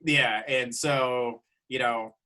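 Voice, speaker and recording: Bright-toned man telling a loose road story. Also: mid-range voice, steady tone, takes it slowly. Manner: loose, laughs along, backs up the host. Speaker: podcast guest. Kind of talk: casual storytelling chat.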